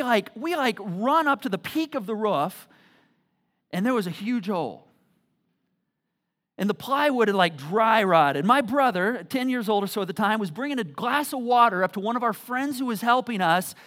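A man pastor telling a personal story in a sermon, with many stumbling restarts and a low, soft voice for serious points. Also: lively intonation, normal speed.

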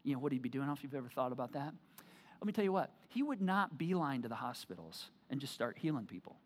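A male pastor giving a sermon in church, talking in a casual, animated way with many restarts. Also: medium pitch, fast talker. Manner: conversational, animated, frequent restarts and fillers.

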